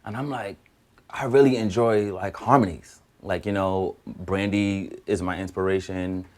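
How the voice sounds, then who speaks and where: A young man with a very low voice tells his story in a loose, conversational way. He slips into other people's voices as he goes, keeping the telling lively. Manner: lively, acts out other people's lines in quick back-and-forth. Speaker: guest singer. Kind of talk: casual storytelling.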